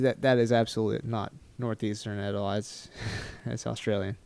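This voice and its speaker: A man from Texas rambles through a travel story with self-mocking humor. His voice is smooth and clear at a middle pitch, recorded close and dry with no room sound. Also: flat delivery, a little fast, darkish tone, dry recording. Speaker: vlogger. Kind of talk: casual storytelling to camera.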